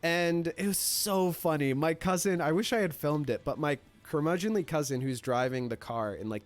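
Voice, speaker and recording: A man casually telling a story, animated and profane, filling his talk with "like". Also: fairly high pitch, normal speed, few pauses, soft background music. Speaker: streamer.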